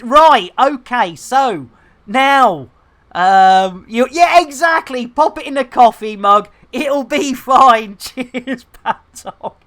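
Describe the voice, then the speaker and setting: Chatty woman in her fifties, unhurried. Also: on the high side, expressive, fairly bright tone. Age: 50s. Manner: chatty, self-mocking, laughs often, mild swearing. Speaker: game streamer. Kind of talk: casual live-stream chat.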